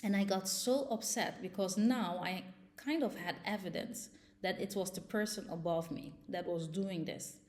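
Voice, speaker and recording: A woman's voice: medium pitch, moderate pace, darkish tone. A young woman vlogger recounting a personal ordeal, agitated, with frequent fillers and restarts. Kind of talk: personal storytelling.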